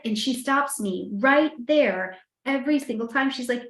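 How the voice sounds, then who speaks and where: A woman astrologer giving a casual weekly horoscope talk, chatty and animated, often checking in with "you know" and "right?". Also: high-pitched, moderate pace, few pauses. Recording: echoey room.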